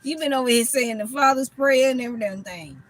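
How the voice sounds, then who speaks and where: A woman's voice: on the high side, fairly quick, low-quality recording. A woman tarot reader ranting in a casual reading, blunt and profane, laughing often between lines.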